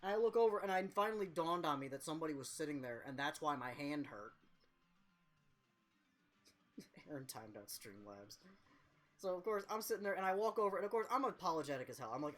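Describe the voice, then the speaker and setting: A man's voice: a little high, expressive, a little fast, pauses often, fairly bright tone. A young man streaming a game, telling a rambling, profane, self-mocking story in casual chat.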